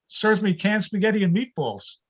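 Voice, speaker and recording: An older man doing a stand-up comedy routine over a video call, delivering deadpan one-liners about his home life. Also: high voice, normal speed, low-quality recording.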